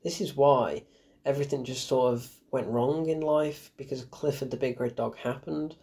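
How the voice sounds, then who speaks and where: A young adult film reviewer rambles offhandedly through an opinion in a casual spoken review, wandering into sarcastic asides, fillers and restarts. The voice sits at an everyday middle pitch, husky and dark-toned, with fairly even intonation at normal speed.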